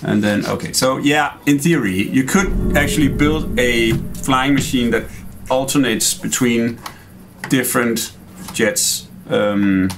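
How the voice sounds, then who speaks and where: A man, a game developer, calmly explaining his builds while playing and chatting. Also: mid-range voice, slow pace, music in the background. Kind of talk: casual gameplay commentary. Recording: clear background noise.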